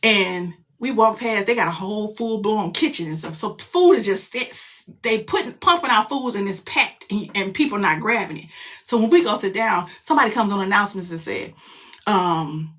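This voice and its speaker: A middle-aged woman tells a story about her daughter in a loud, profane, emphatic, animated way. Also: mid-range voice, normal speed. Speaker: mother telling a story. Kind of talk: casual storytelling vlog.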